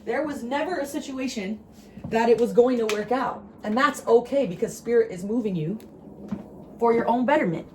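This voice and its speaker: A woman's voice: normal speed, a little hiss or hum. Emphatic woman giving a tarot reading. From New Jersey. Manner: emphatic, repeats phrases, swings high with excitement. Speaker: tarot reader. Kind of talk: channeled tarot reading to camera.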